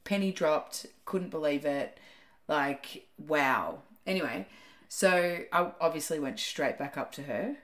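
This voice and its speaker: A woman's voice: low voice, slow, a bit bright. A woman in her thirties co-hosting a podcast, telling stories in casual chat with frequent laughs and swearing. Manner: chatty storyteller, laughs often, swears casually. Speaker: podcast co-host.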